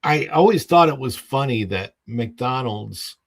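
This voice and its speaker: A man's voice: mid-range voice, animated, measured pace, gravelly. A man hosting a casual livestream podcast, rambling and full of fillers and restarts, often laughing at his own stories.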